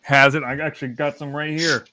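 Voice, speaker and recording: Bright-voiced middle-aged man chatting. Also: a little high, flat delivery, fairly quick, a little hiss or hum. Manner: rambling, laughs at his own stories. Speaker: host. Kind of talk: casual open-panel chat.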